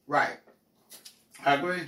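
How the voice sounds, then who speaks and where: A middle-aged woman telling personal stories in a blunt, profane, animated way as the host of a candid talk. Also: slow pace. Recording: roomy echo, mic at a distance.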